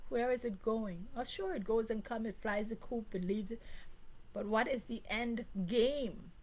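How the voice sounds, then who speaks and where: A woman's voice: fairly high pitch, measured pace, low-quality recording. A woman from Grenada, delivering an emphatic live monologue to her channel, often repeating herself and laughing briefly. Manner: emphatic, repetitive, with short laughs. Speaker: channel host.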